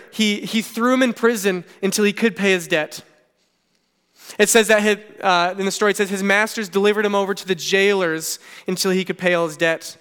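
Bright-voiced man preaching a sermon. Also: sits high, clear, resonant tone, long reverb tail. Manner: earnest preaching with frequent "okay" asides and paraphrased storytelling. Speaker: pastor.

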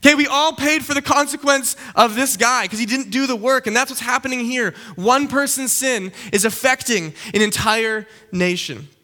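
A young man preaching a casual teaching sermon, animated and conversational, often checking in with his listeners. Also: very high-pitched, normal speed, hardly any pauses.

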